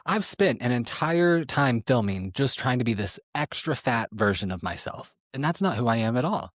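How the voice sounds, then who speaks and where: A young man telling his own story in a sassy, emphatic way, swearing freely and swinging from loud to low. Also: expressive, normal speed, no room sound, clean studio sound. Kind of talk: casual storytelling.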